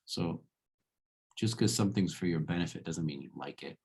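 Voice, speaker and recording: Low, gravelly male philosophy lecturer. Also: normal speed, a little mellow. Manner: conversational, checks in with rhetorical "right?". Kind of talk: casual spoken lecture.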